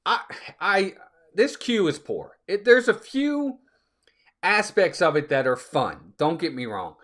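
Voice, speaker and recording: A man's voice: high voice, sing-song, a little slow, fairly bright tone. A man hosting a casual live stream, chatting with viewers and reading out their comments. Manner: chatty, reads out viewer comments, sneezing fits.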